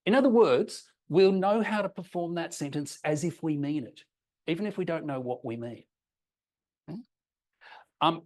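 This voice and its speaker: A man presenting an academic paper with slides, explaining patiently and checking in with listeners, with frequent ums and restarts. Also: fairly high pitch. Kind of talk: conference talk with slides.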